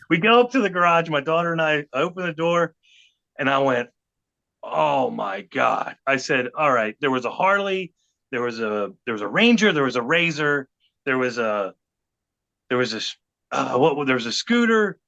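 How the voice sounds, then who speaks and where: Middle-aged man, podcast guest storyteller; bright, slightly high voice, animated delivery, muffled lo-fi sound. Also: normal speed. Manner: animated, acts out quotes of others. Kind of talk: storytelling anecdote. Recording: dull lo-fi podcast audio.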